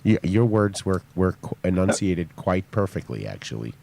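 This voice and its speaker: A man's voice: deep voice, sing-song, normal speed, creaky, warm tone. A man co-hosting a casual studio chat, joking and teasing the others. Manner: joking, playful interjections.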